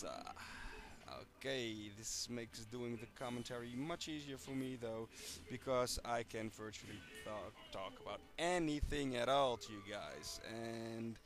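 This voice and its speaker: Man, fighting-game replay commentary, casual, halting with fillers, dry self-deprecating jokes, average pitch. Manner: hesitant, many ums and uhs; dry self-mocking humor. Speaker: player commentating his own match replays.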